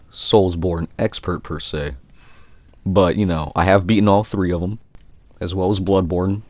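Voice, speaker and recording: A man with a very low voice, still groggy from just waking up, talks through a casual game review. He rambles, fills gaps with "you know" and keeps checking in with the viewer. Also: a little mellow. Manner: rambling, many fillers and "all right?" checks. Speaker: gaming video creator.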